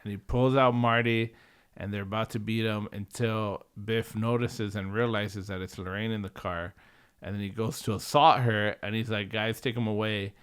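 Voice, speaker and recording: A man with a low, smooth and resonant voice recaps a film on a podcast. He is relaxed and agreeable, often chiming in with "yeah." His retelling quotes characters quickly in passing. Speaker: podcast co-host. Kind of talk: casual movie rewatch chat.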